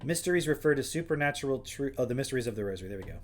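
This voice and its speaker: A man's voice: medium pitch, expressive, racing. A man hosting a livestream, reading passages aloud and breaking off with wry, sarcastic questions in a casual chat style. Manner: wry, sarcastic asides between read passages. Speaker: livestream host.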